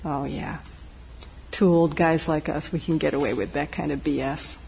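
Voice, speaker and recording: A woman voicing a visiting monk in a spoken parable, hushed and teasing, who leans in conspiratorially. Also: on the low side, moderate pace, close to an everyday voice. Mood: sly. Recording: long reverb, faint background noise.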